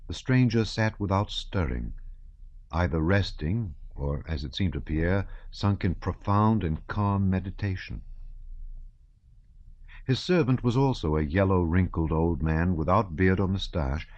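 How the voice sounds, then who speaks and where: A man narrating an audiobook in a measured, even reading style. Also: low-pitched, no echo, highs cut off.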